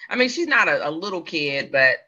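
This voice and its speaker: She talks fast in a deep voice with big swings in pitch and a sharp tone. A woman in her forties, she hosts a casual livestream and reads the chat, rambling, chatting, second-guessing herself and laughing often. The sound is dull and lo-fi.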